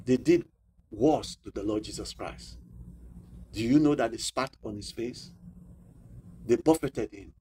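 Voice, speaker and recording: Male pastor, mid-pitched, call-and-response preaching, faint background noise. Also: mellow. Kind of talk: sermon.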